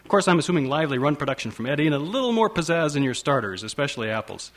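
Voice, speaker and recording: A man voicing a loud, bossy retired father who lectures his son. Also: on the high side, expressive, very fast, lightly acted. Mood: bluff. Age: older. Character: loud, brusque retired baseball-fan father.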